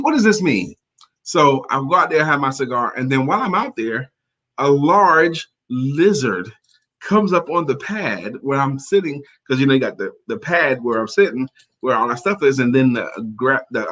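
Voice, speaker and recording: A man's voice: medium pitch, very animated, normal speed, fairly bright tone. A man co-hosting a talk show in casual chat, playful and teasing, laughing often. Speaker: co-host.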